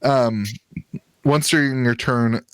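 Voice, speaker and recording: Here the Ohio card game podcast co-host sounds mid-range, steady, slow, clear and resonant, with no room sound. His casual chat is still rambling, jokey and full of fillers.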